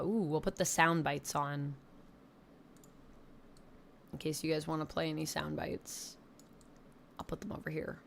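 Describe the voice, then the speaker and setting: Canadian girl streaming from her desk, bit of a southern twang, rambly and chatty, kinda low voice. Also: slight background noise. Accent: slight Southern US twang. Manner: chatty, rambling, self-deprecating. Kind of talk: casual live-stream chat. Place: home apartment desk. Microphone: desk mic.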